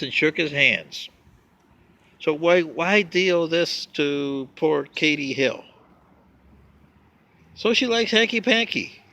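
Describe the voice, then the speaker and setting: Folksy gravelly-voiced man ranting. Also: a little high, pushed and bright, dull audio. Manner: folksy, rambling and sarcastic. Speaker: political commentator. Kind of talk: casual political commentary.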